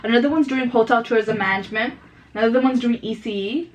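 A woman's voice: fairly high pitch, fast talker, a little hiss or hum, poor audio. A young woman from Canada hosting a casual podcast chat at home, rambling and giggly, often stumbling over her words. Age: young adult. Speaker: podcast host. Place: home room.

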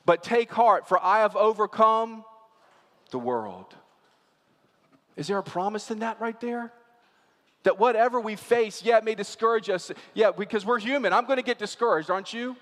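A man preaches a sermon in a noticeably high voice. He speaks to his congregation like a conversation, asking them questions as he goes. His voice carries a long reverb from the church hall. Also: animated, moderate pace. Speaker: pastor.

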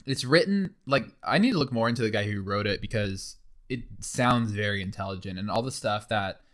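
A young man co-hosting a podcast in casual chat, rambling and excitable, full of fillers. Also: lowish voice, fairly quick. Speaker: podcast co-host. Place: in person in a shared room.

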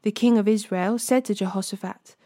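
A woman hosting a daily Bible reading, reading scripture aloud in a measured way and gently voicing the quoted speakers. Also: medium pitch, fairly even intonation, no room sound, studio quality.

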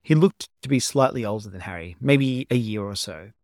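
A man narrating a story as an amateur audiobook reading, at a steady, unhurried storytelling pace. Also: fairly low pitch, no echo, clean studio sound.

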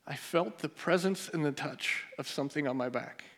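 A pastor telling a personal story in a sermon, his voice dropping to a near hush at the emotional moments. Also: fairly high pitch, normal speed, a little hiss or hum. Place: church sanctuary.

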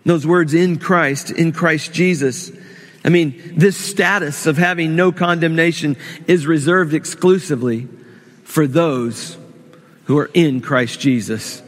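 A fairly high-voiced man preaching a sermon in a church hall with a long echo. He prays aloud, then leans hard on key words, repeating them for emphasis. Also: a little slow. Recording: long reverb of a large hall.

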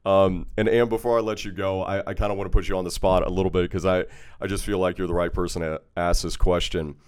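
A man's voice: sits low, level tone, quick pace, darkish tone, clean tone. A man hosting an interview, affirming his guest and asking questions with some hesitation and repeated words. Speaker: host. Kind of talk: interview conversation.

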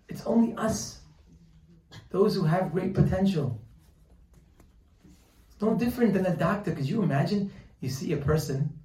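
A man giving a Torah lesson, telling a story with lively quoted voices. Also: fairly high pitch, roomy sound, far from the mic, poor audio. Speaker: Torah teacher. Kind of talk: sermon with storytelling.

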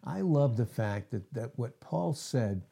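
A man's voice: mid-range voice, animated, unhurried, vocal fry, warm tone, slightly rough. A man preaching a sermon, reading scripture verses aloud and asking the listeners questions that he answers himself. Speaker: pastor.

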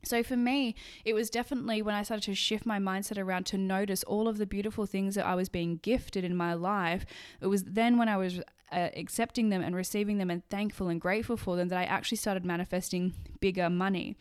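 A woman hosting a solo podcast speaks a little fast in a clear, resonant, mid-range voice. In this casual monologue she's blunt and heavy on profanity. She's animated too, voicing the people she quotes.

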